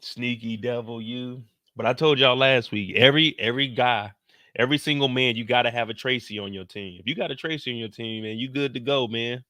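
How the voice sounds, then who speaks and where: A man's voice: medium pitch, no room sound, clean studio sound. A man hosting a casual TV recap, telling it as a story in heavy slang and acting out what people said. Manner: slangy, animated, quotes characters in put-on voices; talks slower than in his live streams. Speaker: show recap host.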